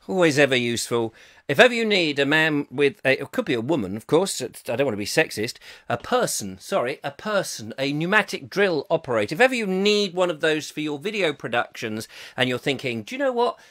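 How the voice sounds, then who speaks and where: A middle-aged man who hosts a live online chat show. He talks in a lively, bouncing way, his pitch sitting a little high and leaping around as he jokes and reads out viewer comments. He keeps jumping between loud asides and quieter muttering. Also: a little fast. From England.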